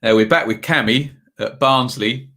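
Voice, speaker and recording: A man's voice: mid-range voice, normal speed, bright, forceful tone. A man hosting a live football watchalong stream, chatting casually and reading out viewer comments between match updates.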